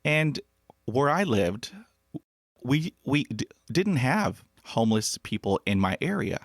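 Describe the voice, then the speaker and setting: A man's voice: mid-range voice, very animated, slow pace, no room sound, studio quality. A man hosting an interview podcast, speaking with a stutter and repeated sounds. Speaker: podcast host. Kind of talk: conversational interview.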